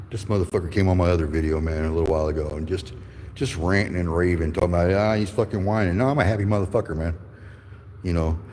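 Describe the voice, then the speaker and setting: Man, 50s, very low voice, angry profane livestream rant, echoey courthouse hall with faint noise. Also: darkish tone. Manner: angry, profane, rambling storytelling. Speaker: livestreaming channel host. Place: courthouse building with echo.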